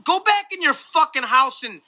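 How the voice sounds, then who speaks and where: A man's voice: very high-pitched, expressive, normal speed, bright, forceful tone. A man in his forties from the United States telling a combative story in a profane, mocking rant. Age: 40s. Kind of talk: ranting storytelling.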